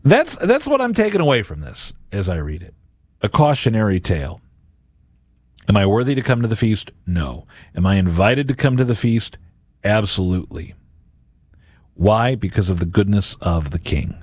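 A man's voice: fairly low pitch, very animated, normal speed, a little mellow, husky, no room sound, studio quality. A middle-aged man, a radio and podcast host, giving a Catholic reflection on Scripture and acting out imagined voices in quotes.

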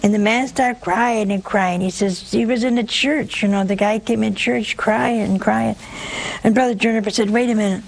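A woman's voice: a little high, fairly even intonation, moderate pace, creaky, low-quality recording. A woman with a sore throat telling an audience the story of a saint, breaking in with homely, humorous asides. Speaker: religious storyteller.

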